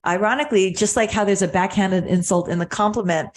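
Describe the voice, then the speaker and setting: A woman hosting a podcast, calmly explaining ideas in a reflective conversation. She often restarts and repeats words as she thinks aloud. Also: mid-range voice, fast, slight background noise. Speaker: podcast host.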